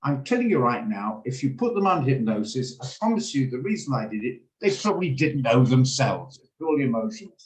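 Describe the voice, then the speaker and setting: A man's voice: medium pitch, big pitch swings, brisk, few pauses, reverberant, low-quality recording. A man hosting a trading room on a video call, talking casually and emotionally, rambling and laughing as he goes.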